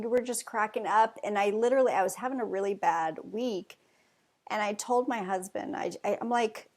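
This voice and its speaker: A woman talking as a podcast guest in a casual, chatty way, rambling with many fillers. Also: medium pitch. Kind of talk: casual conversation.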